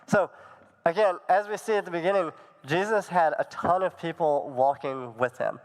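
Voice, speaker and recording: A man's voice: a little high, normal speed, long reverb tail, poor audio. A young man giving a conversational sermon to students, telling Bible stories in plain words with casual fillers. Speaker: youth pastor.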